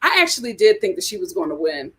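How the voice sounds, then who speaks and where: A woman hosting a casual, animated chat about reality TV, laughing often. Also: mid-range voice, quick pace. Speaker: host.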